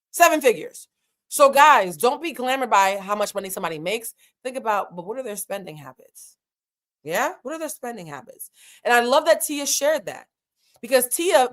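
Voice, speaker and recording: A woman's voice: on the high side, fairly bright tone. A woman hosting a reality TV recap, chatting frankly in casual, slangy commentary. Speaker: host of a reality TV recap show.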